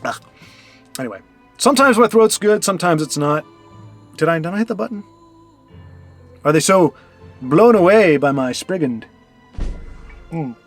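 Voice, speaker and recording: A man's voice: on the high side, expressive, normal speed, long pauses, soft background music. A man giving casual gameplay commentary, chatty and thinking aloud as he plays. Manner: chatty, thinks aloud, frequent restarts and fillers. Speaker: streamer and card game player.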